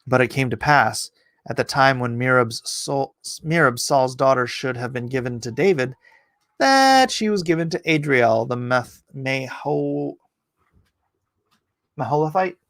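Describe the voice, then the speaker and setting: A man's voice: mid-range voice, a little slow, fairly bright tone, no room sound. Joking man reading scripture aloud. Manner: reads aloud, breaks off to joke and greet chat viewers; laughs at his own asides. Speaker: livestream host reading scripture. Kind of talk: casual Bible reading with chat banter.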